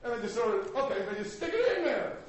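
A male pastor preaching a sermon, swinging from loud highs to low murmurs. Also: sing-song, fast. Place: church sanctuary. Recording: echoey hall with faint noise.

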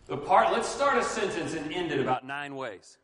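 A man in his forties teaching a Bible class on marriage, animated, asking the room questions and joking. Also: fairly high pitch, moderate pace, breathy edge, big-room sound. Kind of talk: sermon-style Bible teaching.

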